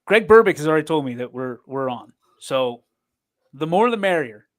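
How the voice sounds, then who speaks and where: A man co-hosts a sports stream in loose, rambling banter, pitched a little high for a man. He teases his partner playfully and drifts from topic to topic. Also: expressive, normal speed. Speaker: sports show co-host. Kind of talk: casual banter. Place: streaming studio.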